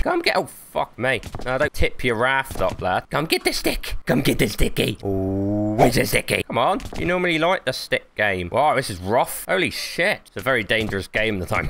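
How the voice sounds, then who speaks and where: Bright-voiced sweary gamer. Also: male voice, lowish voice, a little hiss or hum. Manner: sweary, joking banter, talking to the game. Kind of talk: let's play commentary.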